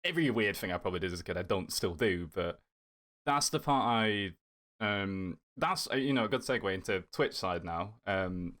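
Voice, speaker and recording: A man's voice: low-pitched, expressive, moderate pace, fairly bright tone. A man talking as a guest on a casual podcast, rambling enthusiastically. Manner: enthusiastic, rambling, fillers and restarts. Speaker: podcast guest, content creator.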